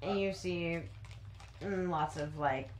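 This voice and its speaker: A woman's voice: lowish voice, takes it slowly, reverberant, noisy background. A woman narrating as game master in a tabletop game, casual and full of fillers.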